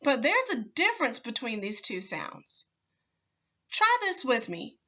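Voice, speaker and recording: A woman teacher leading a slow, clear phonics lesson for young children, patiently sounding out words with deliberate pauses. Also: fairly high pitch, wildly swooping pitch, sharp tone, lo-fi sound.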